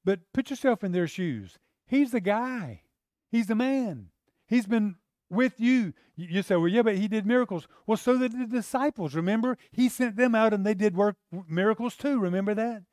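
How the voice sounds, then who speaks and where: A man's voice: high voice, expressive, normal speed, darkish tone, no room sound, studio quality. A man preaching a sermon in a conversational way, acting out the lines of the people in the story. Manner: conversational, acts out the disciples' lines in character.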